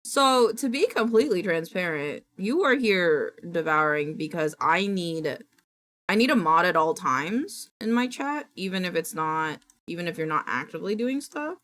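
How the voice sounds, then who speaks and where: A woman streamer chatting casually with her viewers, animated and quick to laugh and apologize. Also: lowish voice.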